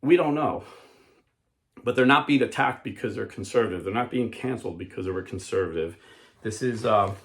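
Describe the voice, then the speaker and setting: A man's voice: fairly low pitch, fairly quick. A man hosting a casual talk show, speaking earnestly and conversationally, often acting out quotes in other voices. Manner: frequent fillers and restarts, quotes people in put-on voices. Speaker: podcast host. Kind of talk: casual commentary.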